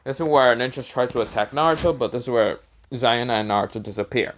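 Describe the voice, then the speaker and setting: Dude narrating a fan story off the cuff, lots of uhs and well, keeps correcting himself. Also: male voice, medium pitch, steady tone, fast, lo-fi sound. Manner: rambling, many fillers and self-corrections.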